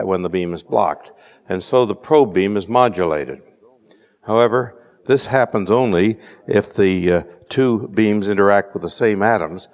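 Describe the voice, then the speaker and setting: A man with a fairly deep voice speaks patiently through a careful scientific explanation, dropping the odd dry joke. Filler words bring frequent pauses, and the hall gives his voice a long, ringing echo.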